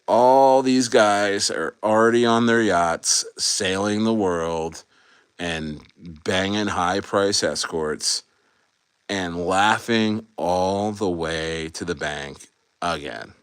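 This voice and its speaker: Rambling American livestream host. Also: male voice, sits low, slow pace, clean tone, dry recording, studio quality. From United States. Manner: rambling, swears freely, many restarts. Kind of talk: casual livestream chat.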